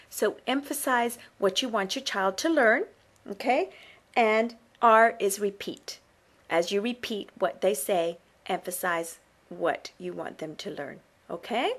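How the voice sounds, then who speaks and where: Woman presenter, slightly high voice, bright and encouraging, explains to parents step by step. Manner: upbeat, coaching tone with frequent check-in questions. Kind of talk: instructional talk to camera.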